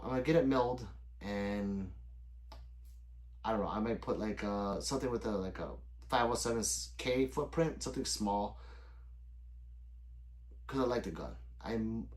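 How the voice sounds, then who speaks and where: A man's voice: mid-range voice, expressive, brisk. A middle-aged man hosting a casual late-night livestream, reading chat aloud and answering viewers by name, rambling loosely and swearing often.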